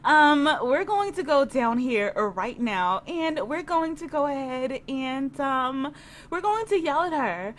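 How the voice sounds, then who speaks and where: A young woman talking through her game in a loose, chatty way, leaning on fillers and giggling easily. Her voice sits somewhat high. A faint background hum runs underneath. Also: very animated, slow pace. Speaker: gaming video creator. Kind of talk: game commentary.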